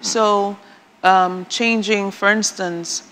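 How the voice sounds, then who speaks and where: A woman guest on a talk show, chatting casually and telling lively stories with dry, sarcastic humor. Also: mid-range voice, extremely slow, long reverb tail. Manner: animated storyteller, laughs often, dry sarcastic humor.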